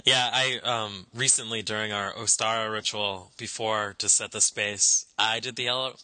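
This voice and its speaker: A man hosting a podcast interview, chatty and quick to laugh. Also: fairly low pitch, steady tone, pushed and bright, no echo. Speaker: podcast host. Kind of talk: casual interview chat.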